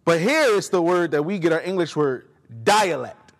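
A man's voice: fairly high pitch, expressive, normal speed. A man preaching a sermon, emphatic and speaking directly to his congregation in a church. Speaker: pastor. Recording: long hall reverb.

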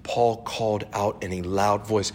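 A man preaching a sermon, emphatic, laughing between phrases and swinging from low murmurs to high shouted emphasis. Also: fairly even intonation, unhurried, slight background noise.

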